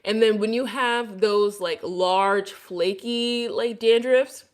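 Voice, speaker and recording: A woman with a Brooklyn New York accent chats casually, giving hair care tips as she reads out viewer comments. Her voice sits at an ordinary middle pitch. The sound carries a noticeable room echo. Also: slow pace. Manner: chatty, answers viewer comments with advice. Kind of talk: casual livestream chat with viewers.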